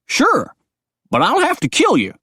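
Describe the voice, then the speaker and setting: A man's voice: very high-pitched, huge pitch swings, a little slow, pushed and bright, breathy edge, no room sound, studio quality, pitched above the performer's own voice, heavily acted. A man voicing a cranky, paranoid old hillbilly who turns into a bear. The figure hollers in a folksy drawl. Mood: hollering, suspicious.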